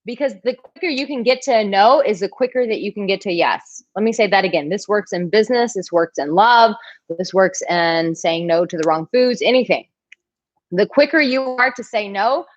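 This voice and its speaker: Frank, animated woman dating coach. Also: medium pitch, normal speed, no room sound. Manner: animated, frank, laughs often. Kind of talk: live Q&A reading viewer comments.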